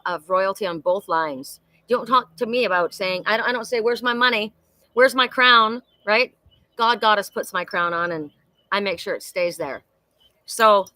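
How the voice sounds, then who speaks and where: A woman's voice: mid-range voice, bright, forceful tone, dry recording. A middle-aged woman hosting a weekly oracle card reading, talking in an emphatic, heartfelt way with many repetitions and restarts. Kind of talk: spiritual live-stream talk.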